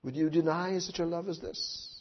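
A man preaching a sermon who swings from hushed asides to loud impassioned outcries, with many rhetorical questions to his listeners. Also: a little high, fairly even intonation, normal speed. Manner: tag questions and rhetorical questions to the congregation. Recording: dull lo-fi recording.

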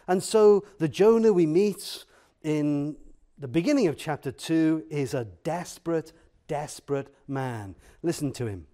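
A man preaching a sermon in an earnest, emphatic way, with many pauses and fillers. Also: fairly high pitch, dark tone.

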